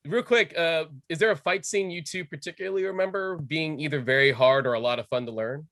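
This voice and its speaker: A man's voice: on the high side, a little fast, a bit bright, no room sound, clean studio sound. A man moderating an online panel, eagerly explaining fan trivia over a video call. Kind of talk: casual panel chat.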